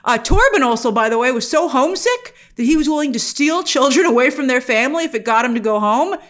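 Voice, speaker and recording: Speaking fast, this online reviewer has a fairly high voice with big pitch jumps. She comments casually and sounds animated yet exasperated, frequently mock-quoting characters and putting questions directly to her audience.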